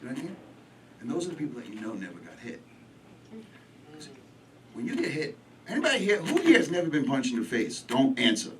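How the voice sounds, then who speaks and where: A man's voice: mid-range voice, big pitch swings, fast, pauses often, noisy background. A man with a New York accent doing stand-up, brashly teasing people in the audience. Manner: brash, teasing, riffs with the crowd. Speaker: stand-up comedian. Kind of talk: stand-up crowd work. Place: comedy club. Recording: live club set, far mic, loud crowd.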